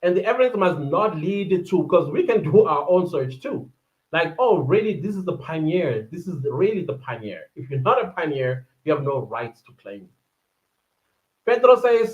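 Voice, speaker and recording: A South African woman hosting a casual livestream, reading viewer comments aloud in a chatty, animated way with quick asides. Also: on the low side. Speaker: livestream host. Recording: dull lo-fi livestream audio.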